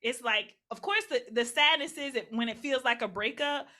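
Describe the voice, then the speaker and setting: Bright-voiced woman host, encouraging. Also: a little high. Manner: encouraging, reflective, quick affirmations. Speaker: podcast host. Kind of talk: supportive interview chat.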